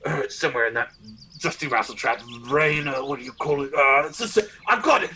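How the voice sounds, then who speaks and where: Man doing a pompous bumbling reporter, bright and bouncy, kinda high, faint hiss behind. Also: fairly quick, husky, poor audio. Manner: pompous, flustered, old-fashioned exclamations. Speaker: comedic podcast host playing a pompous journalist. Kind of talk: improvised comedy sketch.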